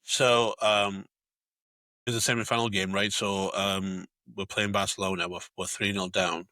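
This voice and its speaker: A man with a low voice and a bright, forceful edge, recorded dry and close. He co-hosts a casual chat podcast and tells stories in an animated way, full of fillers and swearing. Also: a little slow, no room sound. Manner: animated storyteller, swears freely, many fillers. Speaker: podcast co-host.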